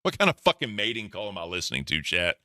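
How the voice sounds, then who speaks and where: Low-voiced, excitable streamer man. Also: quick pace, heavy background noise. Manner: profane, laughing, talks to chat. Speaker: streamer reacting to clips. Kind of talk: casual reaction commentary.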